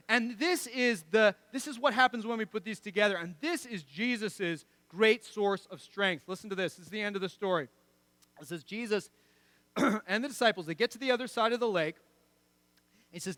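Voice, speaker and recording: A man preaching a sermon in a lively, conversational way, often breaking into laughter and casual asides to the congregation. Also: high-pitched, moderate pace, no room sound. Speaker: pastor. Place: church.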